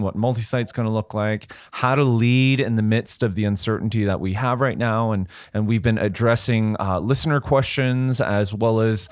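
A man leads a podcast conversation, keeping it on track in a steady, organized way. His voice sits low, and the recording is dry with no room echo. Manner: steady, organized, steering the talk. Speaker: podcast host. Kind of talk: casual chat.

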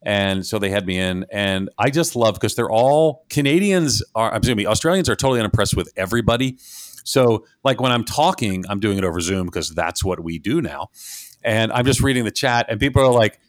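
A man from New York co-hosting a podcast, telling stories in a joking, animated way. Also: lowish voice, a little fast, dry recording, studio quality. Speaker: podcast co-host. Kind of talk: casual chat.

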